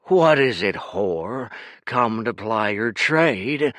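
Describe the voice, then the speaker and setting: A man voicing a crude, mocking bearded thug with a thick accent and a slow, sneering drawl. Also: fairly low pitch, lively intonation, a bit bright, no room sound. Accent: thick unnamed foreign accent.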